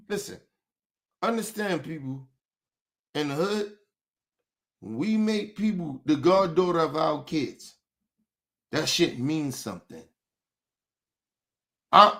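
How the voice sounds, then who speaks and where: Man, young adult, AAVE, angry profane rant, podcast host, somewhat high voice. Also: fairly bright tone. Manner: angry, profane, repetitive street slang. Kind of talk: heated rant to camera.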